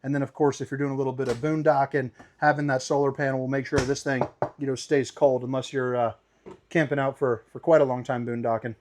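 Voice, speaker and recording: A man's voice: mid-range voice, level tone, brisk, darkish tone, slight background noise. A man hosting a casual walkthrough tour inside a travel trailer, upbeat and playful with slangy asides. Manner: upbeat, playful, slangy, calls viewers baby. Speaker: RV tour host.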